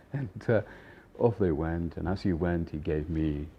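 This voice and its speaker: A man in his fifties with a low, husky voice tells an old work story in a loose, chatty way. He acts out the people in it and laughs along. The recording is dull and lo-fi. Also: unhurried. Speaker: chef and storyteller. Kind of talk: casual anecdote telling.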